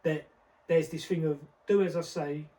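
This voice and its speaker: A young man with a notably high voice, speaking forcefully in street slang on a podcast. His words come from a distance, as if the mic sits far from him. He repeats himself as he pushes his points. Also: fairly even intonation, normal speed. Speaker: podcast co-host. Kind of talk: casual discussion.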